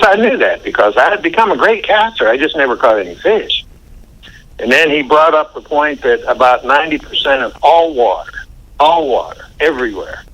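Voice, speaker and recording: A man's voice: medium pitch, fairly bright tone, rough recording. An older man telling a story in an interview, chatty and folksy, chuckling as he recounts. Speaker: interview guest.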